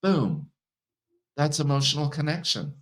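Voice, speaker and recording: Slow-talking man coaching on relationships. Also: on the high side. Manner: relaxed, laughs often, acts out quoted partners. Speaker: hypnotherapist and coach. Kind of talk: casual conversational interview.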